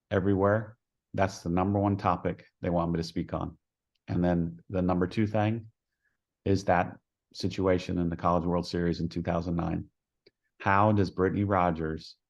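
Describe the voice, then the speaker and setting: A man with a very deep voice tells stories as a podcast guest, in a folksy, homespun way. He acts out the dialogue in his anecdotes as he goes. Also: dull audio. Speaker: head softball coach, podcast guest. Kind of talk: storytelling in a podcast interview.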